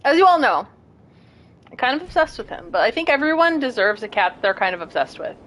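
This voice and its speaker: A young woman streaming a game, chatting casually and self-deprecatingly, with bursts of excited squeals. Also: fairly high pitch, a little fast. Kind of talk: casual gameplay commentary.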